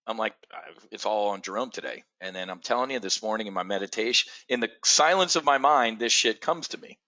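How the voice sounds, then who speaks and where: A man's voice: mid-range voice, pushed and bright. A middle-aged man hosting a live trading show, giving blunt, profane market commentary and answering viewers by name. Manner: addresses viewers directly by name.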